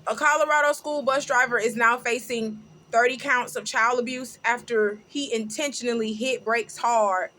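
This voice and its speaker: Bright, brassy woman host. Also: a little high, normal speed. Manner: loud, laughing, animated storytelling with sung snippets. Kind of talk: casual commentary vlog.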